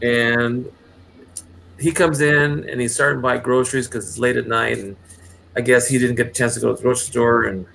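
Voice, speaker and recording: Gravelly man telling a rambling story. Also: medium pitch, steady tone, brisk, a bit bright, slight background noise. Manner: rambling, with many restarts and acted quotes. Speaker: channel host. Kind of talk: casual storytelling.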